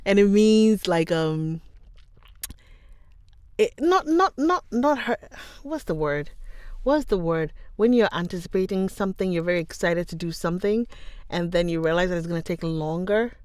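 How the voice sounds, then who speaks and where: A woman's voice: on the low side, lively intonation, moderate pace, darkish tone, clear, resonant tone, dry recording. A young woman whose first language is Twi, hosting a livestream, chatting casually with viewers, laughing often and greeting them by name. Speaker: livestream host. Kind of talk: casual chat with live viewers.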